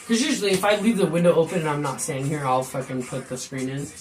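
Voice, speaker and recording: A woman's voice: sits low, expressive, fast talker. A woman streamer chatting casually to her viewers, laughing often and swearing freely as she tells stories. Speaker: live streamer. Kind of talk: casual chat on a live stream.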